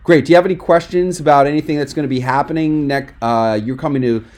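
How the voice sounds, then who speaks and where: A man's voice: on the high side, quick pace, a little mellow. A man coaching a speaker on a video call, talking in a direct, emphatic and encouraging way. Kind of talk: webinar coaching feedback.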